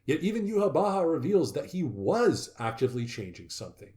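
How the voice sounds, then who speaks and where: A man hosting a casual discussion, reading notes aloud and growing loudly excited, with some swearing. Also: a little high, moderate pace. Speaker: podcast host.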